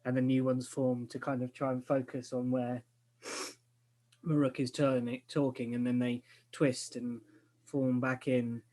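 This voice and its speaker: A man narrating a tabletop game as game master, slow and halting with fillers. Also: mid-range voice, level tone, dark tone.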